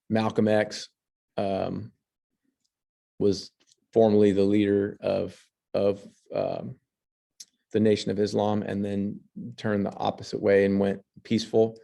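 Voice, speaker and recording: A man's voice: fairly low pitch, creaky, warm tone. A man teaching history, reading passages and then commenting on pictures, with fillers and restarts. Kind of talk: lecture over slides.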